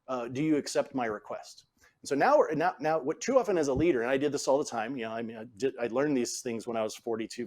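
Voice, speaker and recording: A man in his forties, a podcast guest and author, explaining how leaders speak, acting out example phrasings. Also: medium pitch. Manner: animated, acts out example phrasings. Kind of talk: conversational coaching talk.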